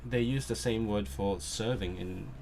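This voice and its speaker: A man's voice: creaky, a little mellow, a little hiss or hum. A man on a study stream, thinking aloud and repeating vocabulary to himself with frequent restarts. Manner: repeats words slowly, muttering to himself as he drills vocabulary; self-talk with restarts, low-key. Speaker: language learner streamer.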